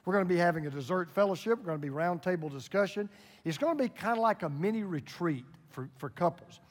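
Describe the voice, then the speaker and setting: In his sixties, a male pastor gives a folksy, storytelling sermon and jokes with his congregation, talking fast and animatedly. His voice sits high for a man and rings with the long reverb of a church sanctuary.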